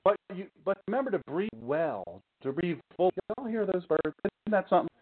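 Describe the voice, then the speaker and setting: A man's voice: high-pitched, lively intonation, fairly quick, slightly rough. A man giving an informal sermon talk as a preacher, chatty and joking, full of rhetorical questions and asides. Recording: tinny phone-like sound.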